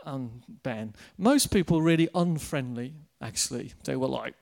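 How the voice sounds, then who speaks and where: A man preaching a sermon, telling a personal anecdote in a lively way and addressing the congregation directly. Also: medium pitch, moderate pace, gravelly.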